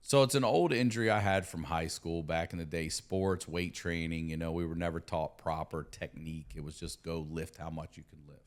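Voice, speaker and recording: Profane storytelling man, low voice. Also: brisk, few pauses. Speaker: comedian and podcast guest. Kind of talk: casual storytelling. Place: studio.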